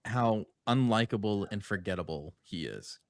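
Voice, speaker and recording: A man's voice: lowish voice, expressive, normal speed. A man co-hosting a reaction show, talking in a dismissive, offhand way. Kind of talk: casual reaction chat.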